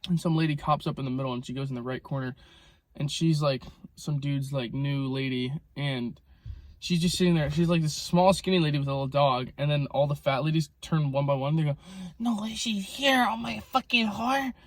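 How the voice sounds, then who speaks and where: A man's voice: medium pitch, steady tone, a little fast, no echo. A young man talking casually into his phone camera in a car, rambling with lots of "like" and "um". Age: young adult. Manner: rambling, filler-heavy, frequent "like" and "um". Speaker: vlogger. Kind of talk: casual rambling vlog storytelling.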